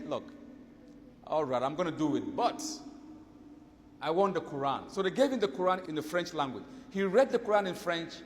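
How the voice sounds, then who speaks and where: A man telling a story in a sermon, with animated delivery that rises and drops for the people he quotes. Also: high voice, long reverb tail, slight background noise. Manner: animated storytelling, voice rising and dropping for quoted speech. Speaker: preacher.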